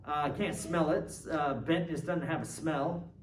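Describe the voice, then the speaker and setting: A man's voice: fairly high pitch, normal speed. Man lecturing in an echoey classroom. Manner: conversational, quizzing students with frequent "right?". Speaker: philosophy lecturer. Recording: roomy classroom, distant mic, faint noise.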